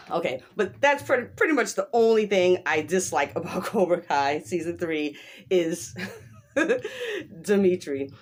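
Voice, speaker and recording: A woman chatting casually as she recaps a show, animated and emphatic, breaking into quick quoted voices and frequent laughs. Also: on the low side. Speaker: show reviewer.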